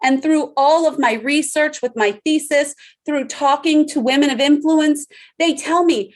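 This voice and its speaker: A leadership speaker, a woman in her thirties, gives an emphatic motivational talk to an online audience, using dramatic pauses. Her voice sits high.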